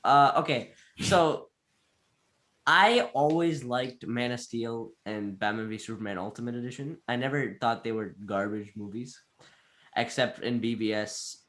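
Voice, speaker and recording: A man co-hosting a casual movie review podcast, gushing and excitable, breaking into laughs. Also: medium pitch, unhurried. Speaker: podcast co-host.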